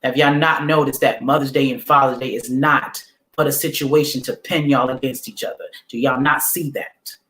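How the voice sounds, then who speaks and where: A man speaking straight to his livestream viewers with the push of a preacher. He repeats his affirmations again and again, loosely and in casual slang, at a mid-range pitch. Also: steady tone, normal speed, sharp tone. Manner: casual slang, direct address to the audience. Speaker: livestream host. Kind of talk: motivational livestream talk.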